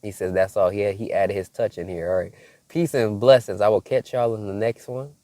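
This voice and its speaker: A man's voice: lowish voice, steady tone, moderate pace, warm tone, no room sound. A man giving a devotional message to his viewers as a prophetic preacher, emphatic, repeating key phrases and checking in with "okay?".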